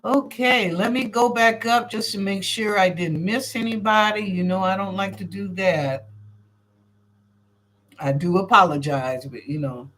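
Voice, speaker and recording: A lively woman hosting a live-streamed psychic reading show, with a middle-range voice. She talks in a chatty, casual way and uses street slang as she reads out viewers' questions and answers them. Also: mid-range voice, unhurried. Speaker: psychic reader and show host.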